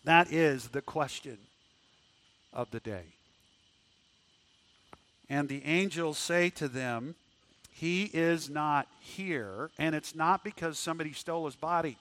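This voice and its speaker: A man preaching a sermon, swinging from loud rising questions to hushed, low tones, often repeating words as he restarts. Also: a little slow, pauses often. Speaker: pastor.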